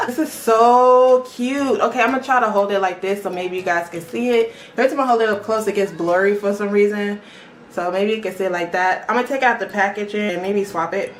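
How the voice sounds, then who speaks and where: A young woman vlogs casually, chatty and quick to get excited, calling out to her viewers as she talks. Her voice sits in a middle range. It rings around an echoey room, with faint music playing underneath. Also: mid-range voice. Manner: chatty and excitable, often addresses the viewers directly. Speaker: beauty vlogger. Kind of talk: casual unboxing chat.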